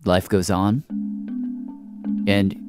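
A man's voice: low-pitched, level tone, drawn-out words, a little mellow, smooth, no echo, clean studio sound, faint music behind. A man hosting a radio show, narrating and interviewing in a conversational way. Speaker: radio host.

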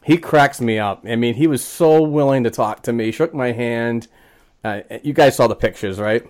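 A man's voice: medium pitch, normal speed, a little mellow. A man hosting a casual sports podcast, rambling with lots of fillers and restarts. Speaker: podcast host.

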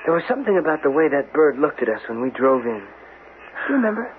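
A man's voice: on the high side, very animated, a little fast. A skeptical husband in an old radio mystery, whose dry wit gives way to grave unease. His voice sits in a middle range. It comes through a narrow broadcast band with a faint hiss. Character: wary husband, a weekend guest. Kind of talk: 1970s radio drama acting.

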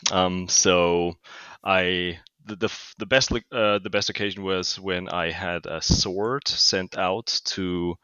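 A man from Austria with an Austrian German accent, a podcast guest who speaks in a halting way with many fillers. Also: sits low, fairly even intonation, pushed and bright, clean tone, no room sound, dull audio. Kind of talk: casual podcast chat.

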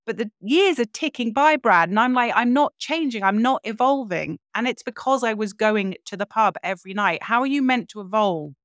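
Candid woman, smooth voice. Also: medium pitch, animated, fairly bright tone, dry recording, studio quality. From London, England. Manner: frank, reflective, quick run-on telling. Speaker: guest. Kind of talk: candid personal storytelling.

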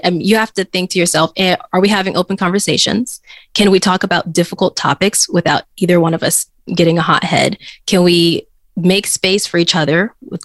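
A woman's voice: on the low side, no room sound. A woman, a cyber security expert, answering interview questions in an earnest, explanatory way with easy laughs.

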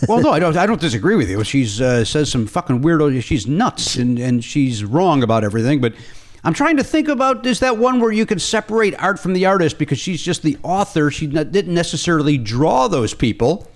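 Animated man hosting a podcast chat. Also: fairly high pitch, fairly quick. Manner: animated, swears casually, acts out quoted dialogue. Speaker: podcast host. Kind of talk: casual chat, storytelling.

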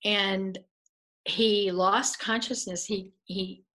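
A woman's voice: mid-range voice, extremely slow, low-quality recording. Woman telling a story with frequent laughs. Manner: animated storyteller who laughs often and acts out the quotes. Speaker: guest. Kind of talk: telling a personal faith story.

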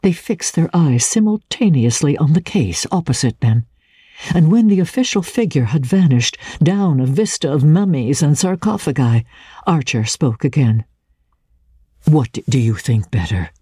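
A woman giving a measured, deliberate dramatic reading of a classic novel. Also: low voice, expressive, mellow, slightly rough, no room sound. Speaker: reader.

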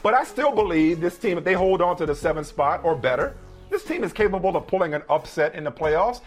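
A man's voice: sits high, sing-song, brisk, soft background music. A man hosting a sports talk show, arguing his points emphatically and often repeating himself. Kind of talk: sports debate.

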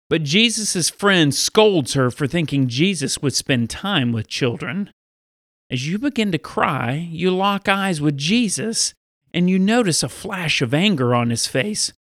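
A man's voice: fairly high pitch, no room sound, studio quality. Upbeat pastor man teaching preteens. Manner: upbeat, animated. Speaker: pastor and podcast host. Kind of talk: storytelling and Bible teaching for preteens.

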